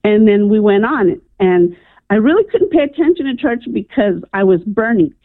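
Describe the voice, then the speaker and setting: A woman's voice: medium pitch, very animated, moderate pace, no room sound. A woman calling in to a radio show and earnestly telling a personal story, with lots of "um" and "I'm like.". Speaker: radio caller. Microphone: telephone. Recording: tinny phone line, dry.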